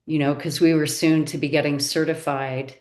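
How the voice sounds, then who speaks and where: Low slow lady asking a question, roomy echoey sound. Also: little pitch movement, darkish tone. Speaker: audience member asking a question.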